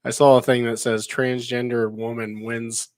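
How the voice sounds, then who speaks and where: A man's voice: medium pitch, flat delivery, moderate pace, darkish tone, dry recording. Man, podcast co-host, casual chat, rambling storyteller, chuckles, dry close sound.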